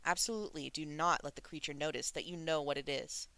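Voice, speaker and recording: A reader voicing a gentle, anxious male crown prince who talks in a soothing, reassuring way. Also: mid-range voice, steady tone, quick pace.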